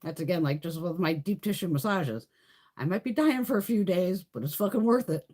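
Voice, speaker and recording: A middle-aged woman hosting a beauty livestream, telling stories in a loose, animated way, swearing freely and laughing often. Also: lowish voice, fairly quick. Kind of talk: casual chat.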